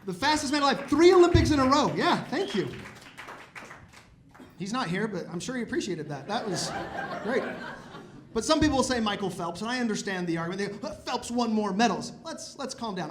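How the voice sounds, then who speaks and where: Guy in his 30s doing stand-up in a club, high voice, gets worked up and loud. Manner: animated, exasperated ranting that climbs to loud outbursts. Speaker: stand-up comedian. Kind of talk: stand-up comedy set. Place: comedy club stage.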